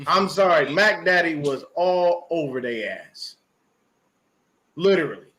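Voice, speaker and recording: A man's voice: fairly high pitch, lively intonation, slow pace, a bit bright. A man on a podcast ranting about a football game, profane and emphatic, repeating his points. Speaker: podcast guest. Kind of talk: fired-up sports podcast rant.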